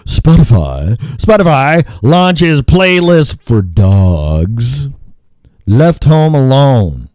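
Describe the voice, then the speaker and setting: A man's voice: medium pitch, very animated, drawn-out words, darkish tone, no room sound, clean studio sound. A male talk show host rambling through news items in a crude, ad-libbed way, humming filler sounds between lines. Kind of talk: casual ad-libbed radio talk.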